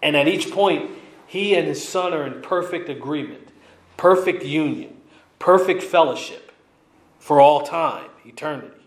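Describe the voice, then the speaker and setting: A man's voice: on the high side, unhurried, echoey room. A man preaching an expository sermon, emphatic and repeating his key lines for weight.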